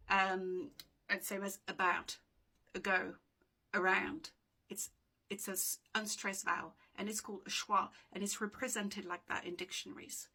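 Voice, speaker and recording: Her voice is medium in pitch, husky, pushed and bright as she walks through dictionary pronunciation in a relaxed video lesson, pausing to ask "okay?" Without a microphone, the room is audible and she sometimes sounds distant from the camera.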